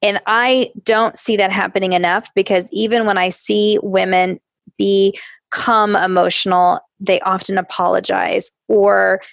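A woman's voice: medium pitch, little pitch movement, measured pace, vocal fry, dry recording, clean studio sound. A woman co-hosting a podcast, speaking reflectively and conversationally, drawing out her stressed words. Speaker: podcast co-host.

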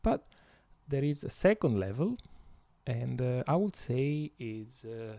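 A man with an Italian accent, Italian his first language, hosting an educational podcast and explaining slowly with many pauses and fillers. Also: medium pitch, very animated, vocal fry, warm tone, dry recording. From Italy. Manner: slow and hesitant, many fillers. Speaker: podcast host.

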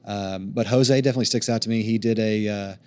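A man's voice: fairly low pitch, fairly even intonation, fast, a little mellow. A man who is a guest on a podcast, chatting casually and rambling, with many repeated words. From Oklahoma. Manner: rambling, repeats words, lots of fillers like "you know" and "man". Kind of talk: casual chat.

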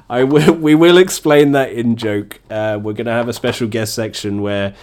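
A man's voice: mid-range voice, darkish tone. A man hosting a casual comedy chat, mocking lines and laughing often between them. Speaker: podcast host.

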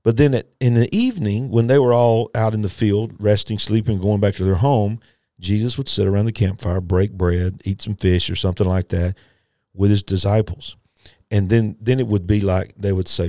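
A man preaches a sermon fairly quickly, in a dark voice with fairly even intonation, on a dry, clean studio recording. He is emphatic and repetitive, rising to a fervent pitch, and talks in a folksy way directly to his listeners.

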